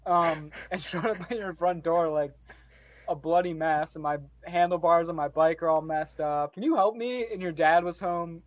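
A man's voice: fairly high pitch, level tone, normal speed, dry recording, lo-fi sound. A young man co-hosting a podcast, talking in a rambling, reflective way and laughing often in casual chat. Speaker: podcast co-host.

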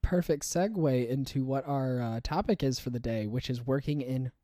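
A man's voice: medium pitch, normal speed, mellow. A young American man hosting a podcast, chatting casually with a loose, joking manner, swearing and laughing often. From United States. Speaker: podcast host.

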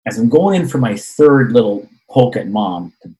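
A man telling a personal story in casual conversation, animated and repeating words as he acts out quoted voices. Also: medium pitch, normal speed, poor audio.

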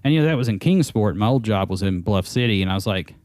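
A low-voiced man tells his story in a relaxed, dry way. The recording is close and dead, with no room sound at all. He talks casually as a podcast co-host. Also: fast talker, no echo.

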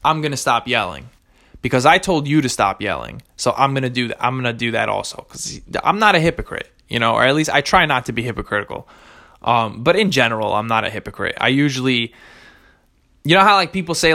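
A young man hosts a solo podcast in a mid-range voice with a sharp tone. He rambles casually, swearing a lot and contradicting himself.

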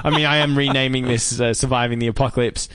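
A man's voice: mid-range voice, steady tone, quick pace, a bit bright, smooth, no echo. A young Australian man hosting a podcast, chatty and rambling in casual conversation. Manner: rambling, chatty, laughs easily. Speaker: podcast host. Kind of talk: casual chat.

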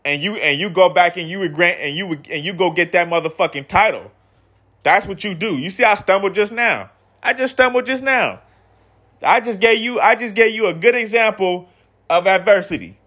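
A man's voice: high-pitched, brisk, a bit bright. A man hosting a podcast, delivering a motivational solo monologue in a preachy, repetitive way with slang and cursing. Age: adult with kids. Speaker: podcast host.

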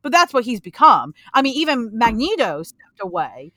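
A woman's voice: a little high, very animated, normal speed, pushed and bright, no room sound. A woman co-hosting a casual comics podcast, talking animatedly, repeating points for emphasis and swearing freely. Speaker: podcast co-host.

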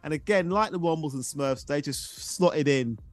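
A man in his forties hosting a casual nostalgia podcast, animated and tripping over his words. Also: fairly high pitch, moderate pace, soft background music. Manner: animated, stumbles and repeats words. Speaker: podcast host.

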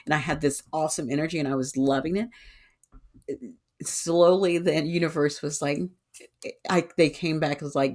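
A woman talks on her own podcast in a relaxed, unscripted way. She is lively and often slips into little acted-out voices of her own thoughts. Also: low-pitched, moderate pace. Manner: animated, acts out her own inner voices. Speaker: podcast host and tarot reader. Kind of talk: casual solo podcast talk.

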